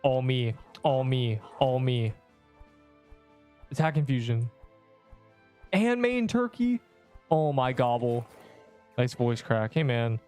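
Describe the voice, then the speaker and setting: A man's voice: mid-range voice, fairly even intonation, slow, long pauses, mellow, clean tone, soft background music. A man rambling casually through gameplay commentary on a livestream, slangy and loose, tossing in "bro" and casual swearing. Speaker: streamer.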